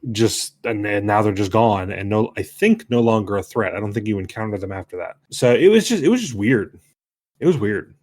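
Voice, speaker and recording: A man's voice: lowish voice, lively intonation, fairly quick, a little mellow, no room sound. A young man co-hosting a casual late-night game podcast, rambling with lots of restarts and easy laughter. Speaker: podcast co-host.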